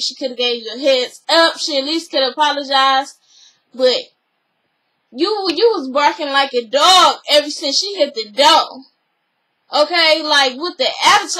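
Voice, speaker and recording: Bright high-voiced chatty woman. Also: normal speed, low-quality recording. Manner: chatty, opinionated, retells scenes with quoted voices. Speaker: reality TV recap vlogger. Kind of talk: casual episode recap.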